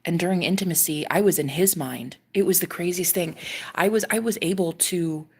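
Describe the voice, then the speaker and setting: Gravelly husky woman telling a story. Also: fairly low pitch, moderate pace. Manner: animated, swearing, often drops to a whisper. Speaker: vlogger. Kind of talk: casual storytelling to camera.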